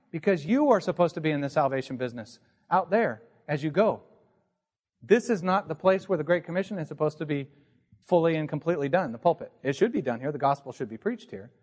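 A man preaching a sermon from the pulpit in a church, teaching in an earnest tone and asking rhetorical questions. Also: high-pitched. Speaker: pastor. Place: church sanctuary.

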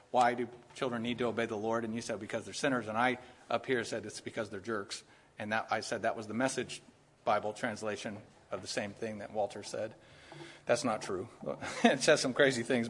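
A man's voice: fairly high pitch, a bit bright. A middle-aged man preaching a sermon in a church, talking to the congregation conversationally and with emphasis, and dropping in joking asides.

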